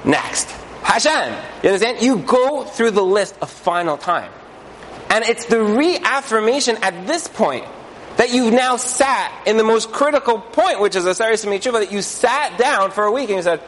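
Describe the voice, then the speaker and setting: A man giving an animated religious talk, acting out inner voices and asking rhetorical questions. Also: high voice, moderate pace, a little hiss or hum, poor audio. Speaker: Jewish teacher.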